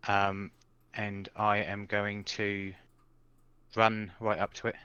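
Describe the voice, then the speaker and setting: A man's voice: on the low side, flat delivery, slow pace, sharp tone, clear, resonant tone. A man playing a tabletop game, describing his moves hesitantly with frequent ums. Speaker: player. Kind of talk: casual tabletop game play. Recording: dull, muffled mic.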